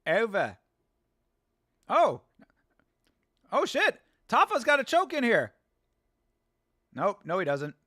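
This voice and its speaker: A man hosts a fight watch-along, reacting with casual, excitable commentary, yelling at the fighters and laughing a lot. He sits close to the mic and speaks slowly in a high pitch with frequent pauses, with no room sound.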